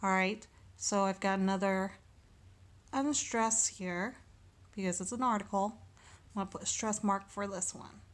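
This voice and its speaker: A woman teaching a recorded lesson, speaking slowly and deliberately and sounding out syllables one by one. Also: mid-range voice.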